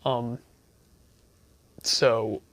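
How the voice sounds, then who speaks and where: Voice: medium pitch, flat delivery, drawn-out words. A casual, chatty reviewer rambling and laughing while recommending horror movies to a camera at home. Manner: chatty, laughs often, loses train of thought. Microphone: camera mic, self-filmed.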